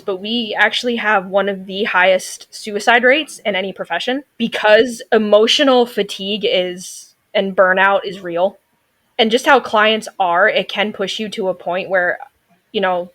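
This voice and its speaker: Guesting on a relaxed interview podcast, a woman in her thirties who is a veterinary technician tells stories with a sassy, outspoken attitude. Her voice is medium in pitch and a bit bright.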